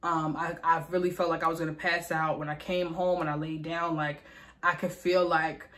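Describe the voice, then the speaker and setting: Young woman vlogger, fired-up emphatic storytelling, swears freely, a bit low-pitched. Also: flat delivery, normal speed, fairly bright tone. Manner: heated, emphatic venting with frequent profanity and repetition. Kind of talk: casual storytime vlog.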